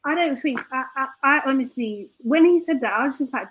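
A woman's voice: high-pitched, animated, a little fast, a bit bright, breathy edge, poor audio. A woman on a podcast panel, talking casually and with exasperation, often checking "do you know what I mean". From Britain. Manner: exasperated, calls people babe, keeps asking "do you know what I mean". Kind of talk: casual discussion.

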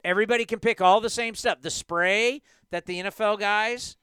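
A man's voice: high-pitched, normal speed, bright, forceful tone, clean tone, no room sound. A man hosting a sports talk show, ranting emphatically with rhetorical questions.

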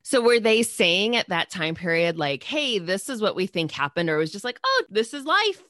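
A woman's voice: fairly low pitch, animated, normal speed, a bit bright, dry recording, clean studio sound. A woman hosting an interview, listening closely and asking probing follow-up questions. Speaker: interview host. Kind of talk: conversational interview.

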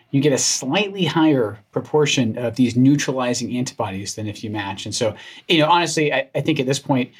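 A man with a Scottish accent co-hosting a medical podcast, speaking in a measured, thoughtful way. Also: medium pitch, a little mellow, slightly rough. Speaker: podcast co-host, doctor. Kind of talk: casual podcast chat.

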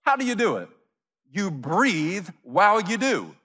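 A man preaching a sermon as pastor, animated, acting out imagined voices of his listeners. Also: high-pitched, a little slow, long reverb tail.

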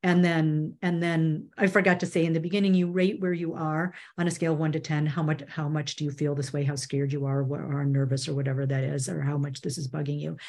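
A woman's voice: deep voice, little pitch movement, a little fast, hardly any pauses, a little mellow. A woman media trainer speaking as an interview guest, earnest and conversational, often restarting her sentences. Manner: earnest, with frequent restarts and "you know".

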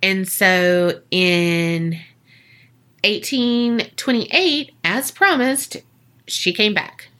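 A woman hosts a podcast and tells a creepy tale in loose, profane, joking chat. Her voice is bright and forward, and she talks at an unhurried pace, scattering "like" through her sentences. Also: mid-range voice. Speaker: podcast host. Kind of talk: casual storytelling chat.

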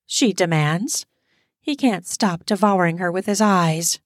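A woman narrating an erotic audio story in a steady, explicit storytelling manner. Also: fairly low pitch, a little slow, no room sound, studio quality.

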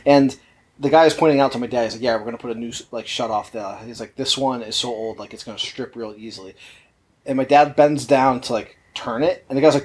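A man's voice: mid-range voice, fast, a little mellow, breathy edge. A man co-hosting a podcast, telling laid-back stories in casual chat and swearing often. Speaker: podcast co-host.

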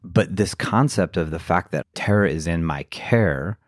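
A man co-hosting a podcast, talking in a reflective, halting way with lots of fillers. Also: sits low, dry recording, studio quality. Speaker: podcast co-host. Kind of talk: casual podcast chat.

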